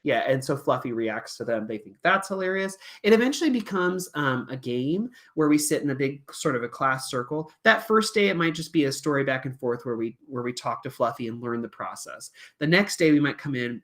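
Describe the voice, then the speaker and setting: Low-voiced woman teacher explaining a lesson. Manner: chatty, with many fillers, and an animated voice. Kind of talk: explaining a classroom puppet lesson.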